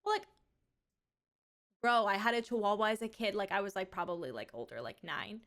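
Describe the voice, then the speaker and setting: A young woman streamer telling stories in casual chat, with lively quoted asides. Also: mid-range voice, fairly quick. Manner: chatty storytelling, animated quoted asides.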